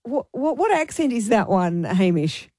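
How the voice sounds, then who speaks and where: An Irish woman hosts breakfast radio in a bright, high voice. She is brisk and self-deprecating as she steers the banter and takes calls. The studio sound is close and dry. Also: big pitch swings, no room sound. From Ireland. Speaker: radio host. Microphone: studio microphone.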